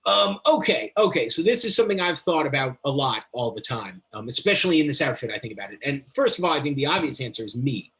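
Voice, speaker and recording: A man's voice: mid-range voice, very animated, fast, few pauses, fairly bright tone. A man speaking as a guest in a casual interview, a metal journalist who rambles enthusiastically and swears freely.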